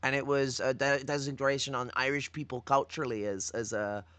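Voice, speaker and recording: Northern English male host, bright forceful tone, dry close sound, rambling sweary political rant. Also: mid-range voice, steady tone, fairly quick, clean tone, no echo. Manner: profane, rambling, teasing. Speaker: livestream host. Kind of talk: political commentary livestream.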